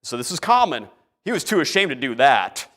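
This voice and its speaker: A male pastor preaching a sermon, telling stories in an animated way and acting out the people in them. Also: mid-range voice, brisk. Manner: animated storytelling, acts out characters. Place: church sanctuary. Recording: long hall reverb in church.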